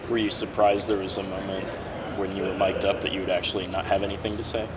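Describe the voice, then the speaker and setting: A man's voice: sits low, level tone, fast. A man, a reporter, asking follow-up questions and rephrasing them. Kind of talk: press question. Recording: reverberant, crowd noise.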